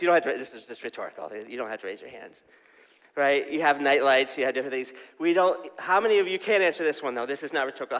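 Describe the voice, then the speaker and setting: A man's voice: on the high side, a bit bright. A man preaching a casual, story-driven sermon, often asking the crowd questions. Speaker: pastor. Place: church hall. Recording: long hall reverb.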